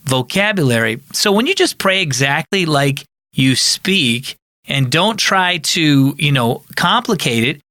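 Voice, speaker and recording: Bright-voiced pastor talking earnestly. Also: male voice, fairly high pitch, expressive, measured pace, no echo, clean studio sound. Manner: conversational, earnest, explanatory. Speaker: pastor and podcast host. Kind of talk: teaching talk.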